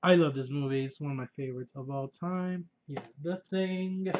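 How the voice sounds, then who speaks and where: A man's voice: a little high, fairly even intonation, normal speed, darkish tone, a little hiss or hum. A young adult man chatting casually and enthusiastically at home as a vlogger, swearing and laughing often, on a dull lo-fi recording. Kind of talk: casual collection showcase chat.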